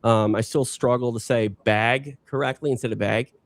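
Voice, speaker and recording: A man with a slight Minnesota accent, a longtime combat sports announcer, chatting as a podcast guest in a low-key, unprojected everyday voice. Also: fairly even intonation, brisk, gravelly, no room sound. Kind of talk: casual interview chat.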